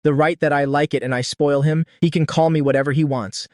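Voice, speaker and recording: Man reading as a commanding young woman boss, cool and teasing, higher man's voice, dry sound. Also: steady tone, brisk, darkish tone, no echo, natural voice. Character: cold, domineering young woman company president.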